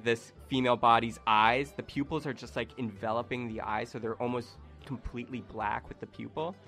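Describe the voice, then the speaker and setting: A man narrating as game master, relaxed and rambling with fillers. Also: medium pitch.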